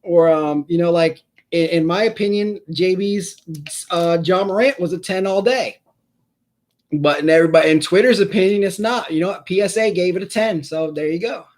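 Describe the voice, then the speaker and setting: A man's voice: high voice, moderate pace, darkish tone. A man hosting a casual live stream about sports cards, rambling and self-deprecating as he talks to viewers in the chat by name.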